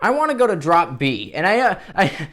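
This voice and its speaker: A man's voice: sits high, wildly swooping pitch, brisk, background noise. Goofy rambling young man vlogging. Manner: goofy, rambling, self-deprecating jokes. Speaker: guitar YouTuber. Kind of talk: joking casual vlog.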